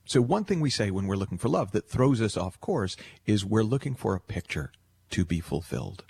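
A man hosting a radio call-in show, talking earnestly and reflectively and slowing down for emphasis. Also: on the low side, very animated, gravelly, darkish tone, breathy edge. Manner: earnest, storytelling, slows for emphasis. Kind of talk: reflective radio talk on love.

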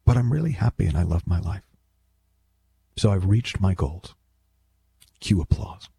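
A man's voice: low-pitched, lively intonation, moderate pace, vocal fry, dark tone, breathy edge, dry recording. A man talking as a self-help speaker in a casual, reflective monologue, rambling and wry with many self-corrections.

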